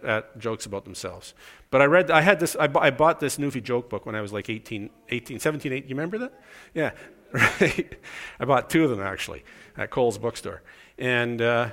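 A Canadian man in middle age gives a story-filled sermon, keeping it conversational and self-deprecating while imitating the voices of his characters. He has a mid-range voice with a touch of brightness.

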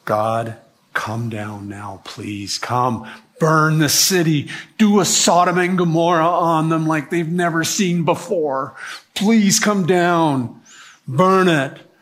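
A man preaching a first-person dramatic monologue as a resentful, self-pitying male biblical prophet, dramatic, swinging from hushed pleading to shouting. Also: fairly high pitch, slow pace.

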